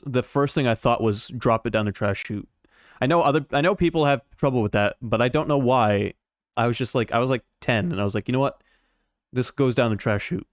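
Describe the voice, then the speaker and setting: A man's voice: medium pitch, dry recording, clean studio sound. A man giving casual let's-play commentary as a game streamer, joking and rambling with sarcastic asides.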